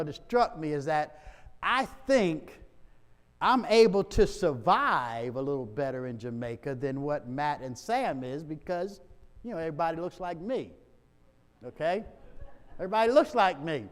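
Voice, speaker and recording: A man's voice: a little high, clear, resonant tone. A male pastor giving a chatty mission trip report to his congregation, with laughing asides. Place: church sanctuary. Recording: long church reverb.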